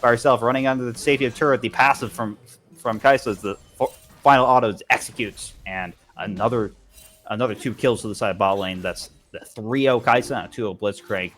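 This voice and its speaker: A man with a fairly low voice calls an esports match play-by-play. He talks quickly and keeps stumbling over and repeating words as he follows the action. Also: fairly bright tone. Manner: rapid play-by-play with frequent restarts and repeated words. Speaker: esports caster. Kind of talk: play-by-play commentary.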